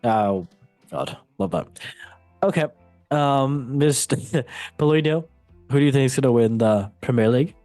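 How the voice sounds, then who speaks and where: A man's voice: mid-range voice, lively intonation, measured pace, pauses often, warm tone, no room sound, soft background music. A man hosting a casual football podcast, playful and goofy, joking at his own expense. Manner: goofy, playful, self-mocking. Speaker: host.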